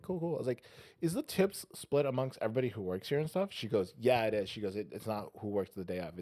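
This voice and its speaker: A man with a fairly low voice tells a story at a rapid clip. He acts out each person's lines and swears freely, like a co-host chatting with friends. The sound is close and dry. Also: darkish tone, no room sound. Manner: rapid anecdote-telling, acting out quoted people, frequent swearing. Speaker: podcast co-host. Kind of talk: casual chat, storytelling.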